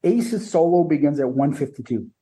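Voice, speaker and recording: A man's voice: on the high side, expressive, normal speed, warm tone. A man co-hosting a podcast, chatting casually about a live album with blunt, profane remarks. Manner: profane, reads notes with timestamps, mimics stage banter. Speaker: podcast co-host. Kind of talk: casual music review chat.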